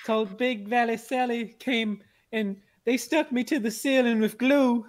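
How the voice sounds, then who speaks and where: A man playing a flustered lady who is stuck to the ceiling, rambling in a high voice. It is loose improvised comedy. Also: steady tone, a little slow. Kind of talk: improvised comedy role-play.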